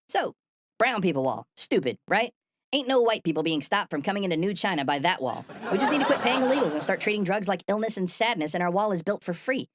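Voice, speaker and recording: A woman hosting a satirical news show, delivering sardonic, profane, deadpan commentary. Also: mid-range voice, no echo. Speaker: host.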